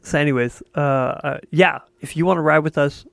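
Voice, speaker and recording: A man's voice: on the high side, steady tone, normal speed, gravelly, dry recording. A man co-hosting a podcast in casual chat, joking and teasing with crude humor. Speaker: podcast co-host.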